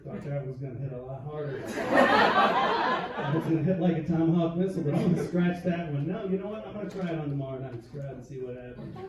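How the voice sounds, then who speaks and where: A middle-aged man from the South, performing a stand-up comedy set with punchy storytelling and quick comic voices. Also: a little high, distant mic. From American South. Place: comedy club stage. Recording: echoey club with crowd noise, lo-fi. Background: audience laughter.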